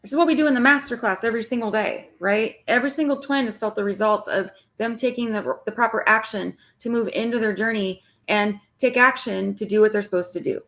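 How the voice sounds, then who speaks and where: A woman's voice: on the high side, a little fast, hardly any pauses, fairly bright tone. A woman twin flame coach speaking bluntly and with exasperation to her viewers, swearing freely and mimicking clients.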